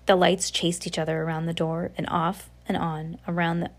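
A woman's voice: fairly low pitch, normal speed. Woman reading a storybook aloud. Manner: steady reading with occasional slips and self-corrections. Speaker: audiobook reader.

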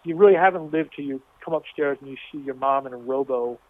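A man from Washington, D.C., speaking in a measured, reflective way in an interview. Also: medium pitch, no echo. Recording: thin phone-like sound.

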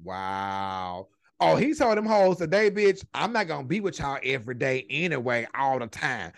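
A man hosting a casual gossip podcast over a video call, animated and profane, retelling quotes with dramatic flair. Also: mid-range voice, moderate pace, creaky, no echo, studio quality. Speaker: podcast host.

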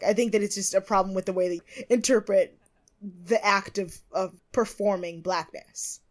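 A woman in her twenties co-hosting a podcast, casually recapping a TV show, animated and swearing freely. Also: mid-range voice, normal speed. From United States. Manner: animated, swears freely, acts out others in bursts. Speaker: podcast co-host.

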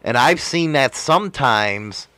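A man hosting a podcast, his pitch swinging up and down as he talks. He swears freely and leans hard on his points, and his voice sounds close and dry. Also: lively intonation, slow, bright, forceful tone, no room sound. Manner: profane, emphatic storytelling. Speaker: podcast host and motovlogger. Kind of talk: casual chat.

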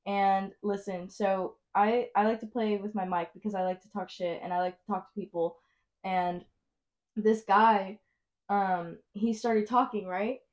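A woman's voice: medium pitch, fairly even intonation, a little slow, darkish tone. A young woman, co-hosting a podcast in casual chat and telling stories with frequent laughter. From Texas. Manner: chatty storyteller, laughs often. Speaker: podcast co-host.

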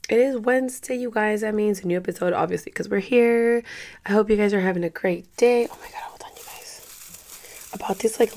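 Young female podcast host, hoarse today, casual and rambling, mid-range voice. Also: medium pitch, a little mellow. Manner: rambling, chatty, many fillers. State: hoarse, clearing her throat. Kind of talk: casual chat.

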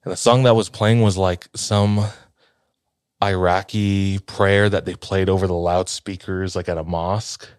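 A man casually retelling a ghost story, rambling with fillers and restarts, sinking to a hushed voice at tense moments. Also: low voice, steady tone, unhurried, clean tone, dry recording, clean studio sound. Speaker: storyteller in a podcast-style chat.

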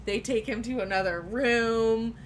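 A woman's voice: a little high, measured pace, crowd noise. A woman telling a personal story in casual chat, candid and profane, often laughing as she talks.

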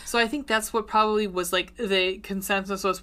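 Woman co-host, mid pitch, animated chatty delivery, acts out her reactions. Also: normal speed, clear, resonant tone. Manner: animated, acts out reactions with many "I was like" quotes. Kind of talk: casual book-to-movie discussion.

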